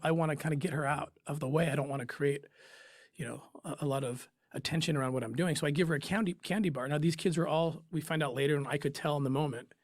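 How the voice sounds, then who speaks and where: A man in an interview, telling a personal story in an emotional, halting way with pauses and restarts. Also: a little high, no echo, clean studio sound. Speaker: interview guest, former undercover operative.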